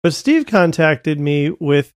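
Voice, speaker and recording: A man's voice: on the high side, big pitch swings, takes it slowly, no echo. A man co-hosting a tech podcast, easygoing with a dry sense of humor. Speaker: podcast co-host. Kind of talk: casual podcast chat.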